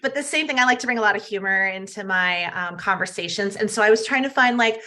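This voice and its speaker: A woman health coach talking as a podcast guest, emphatic and animated, often tagging her points with "right?". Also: a little high. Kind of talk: casual podcast interview.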